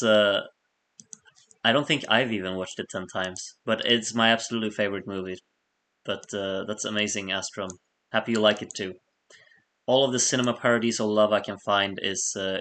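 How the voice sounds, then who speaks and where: A man's voice: on the low side, pushed and bright. A man hosting a late-night live stream, chatting casually, reading viewer messages aloud and laughing often as he rambles.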